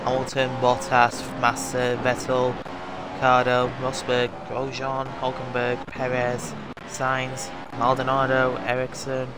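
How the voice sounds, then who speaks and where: A man's voice: medium pitch, monotone, slow, noisy background. A man chatting casually as he commentates his racing gameplay, full of fillers and asides. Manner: rambling, filler-heavy chatter. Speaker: gaming video host.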